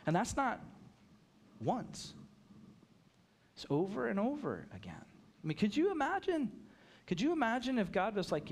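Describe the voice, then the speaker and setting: Middle-aged guy pastor preaching, chatty, acts out little back-and-forths, slightly high voice. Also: wildly swooping pitch, unhurried, pauses often. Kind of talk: sermon.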